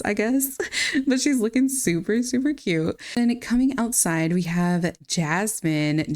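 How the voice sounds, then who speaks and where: A woman's voice: lowish voice, darkish tone. Chatty young woman narrating a game. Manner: chatty, addresses viewers directly. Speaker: gaming channel host. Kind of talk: casual let's-play narration.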